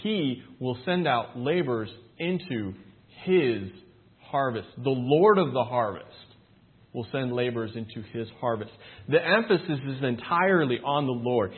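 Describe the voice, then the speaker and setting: A man's voice: medium pitch, lively intonation, measured pace, breathy edge. A man preaching a sermon, earnest and emphatic, asking his listeners rhetorical questions and reading Scripture aloud. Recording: tinny phone-like sound.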